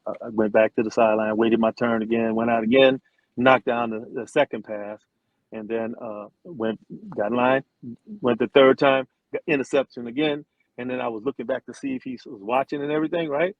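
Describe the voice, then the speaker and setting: A middle-aged man spins a long tale, slipping into the voices of the people he quotes and restarting his sentences as he goes. His pitch is mid and his sound is dry and close. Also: brisk, dry recording, phone-quality sound. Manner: animated storyteller, acts out quotes, frequent restarts. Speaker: interview guest, former football player and singer. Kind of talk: casual storytelling interview.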